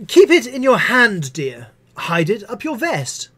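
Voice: mid-range voice, very animated, unhurried, a bit bright, husky, pitched above the performer's own voice, heavily acted. A reader plays a harried schoolteacher who waves off every complaint with a sweet "dear" or "my lamb". The voice sits well above the reader's own and swoops up and down. The manner is breezy and dismissive. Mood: breezily dismissive. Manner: breezy, dismissive, singsong endearments. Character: harried female schoolteacher, fobbing children off.

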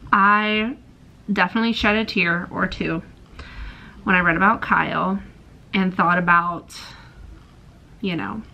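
A woman's voice: fairly low pitch, steady tone, slow, gravelly, long pauses, bright, forceful tone, lo-fi sound. A young woman vlogging about a book she is reading, emotional and gushing, sighing often. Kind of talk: casual reading vlog.

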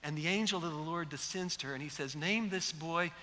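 Male preacher, animated storyteller, sharp bright tone, echoing sanctuary. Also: on the high side, fast. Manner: animated storyteller acting out quotes. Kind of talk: sermon. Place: large church sanctuary. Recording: echoey hall.

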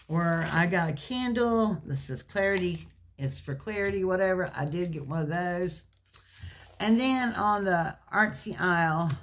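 Brief: low-voiced woman vlogger, gushy and folksy, soft packaging crinkle behind her. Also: a little hiss or hum. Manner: gushing, chatty and folksy. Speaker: craft vlogger. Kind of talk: casual haul video chat. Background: faint crinkling of plastic packaging.

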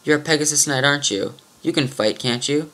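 Firm young female sword leader, raised voice, measured delivery, read by a man. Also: a little high, pushed and bright.

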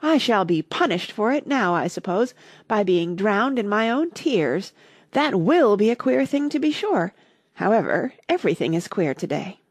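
A woman's voice: medium pitch, very animated, slightly rough, dry recording, clean studio sound. Eager, chatty little girl, as a woman puts her on. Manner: eager, rambling, quick to apologize. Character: polite, curious, chatty young girl.

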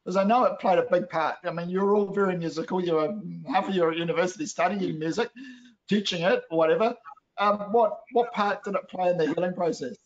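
A man's voice: high voice, a little fast, highs cut off. A man interviewing guests, asking his questions hesitantly and restarting them.

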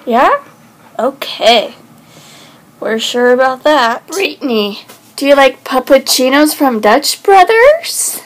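A woman's voice: high voice, expressive, a little slow, rough recording. A woman hosting a playful pet vlog at home, asking her dogs questions in sing-song baby talk. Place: home room with an ottoman.

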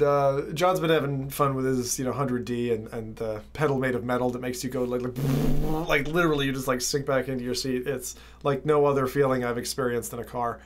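Rambling man, fairly high voice. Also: a bit bright. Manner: rambling storytelling with many fillers. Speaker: VR streamer. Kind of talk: casual recap vlog.

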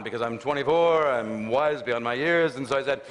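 A man's voice: mid-range voice, fast talker, hardly any pauses, slight background noise. A middle-aged man, a motivational speaker, telling a family story to an audience and acting out the dialogue with humor. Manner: animated storyteller, acts out his father's lines with raised voice.

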